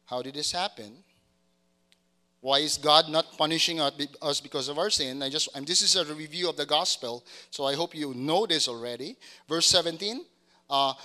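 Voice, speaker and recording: Bright-voiced man preaching a sermon. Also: high-pitched. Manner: repeats words and restarts, asks congregation to confirm. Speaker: pastor.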